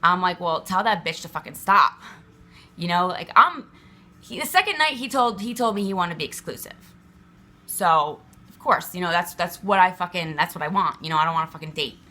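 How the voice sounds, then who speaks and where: A woman's voice: lowish voice, brisk, bright, forceful tone. A woman venting to the camera in a rambling, emphatic way, swearing often and filling her talk with fillers. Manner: agitated, emphatic. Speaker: vlogger.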